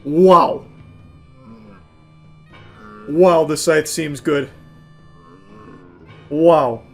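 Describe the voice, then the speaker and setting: A man hosting an online video, giving a dry film review and loud gameplay commentary. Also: on the high side, drawn-out words, faint music behind. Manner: dry, flat delivery that breaks into loud excited yelling.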